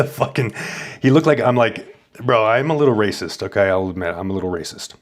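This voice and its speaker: A man's voice: on the low side, normal speed. A man hosting a stream, telling a rambling, boastful story in crude, casual chat. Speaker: streamer host.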